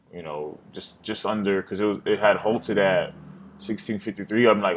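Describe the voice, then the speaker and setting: Low-voiced man rambling about his trades. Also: steady tone, normal speed, dull audio. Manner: rambling, self-critical, swears often. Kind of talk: casual screen-recorded trade recap.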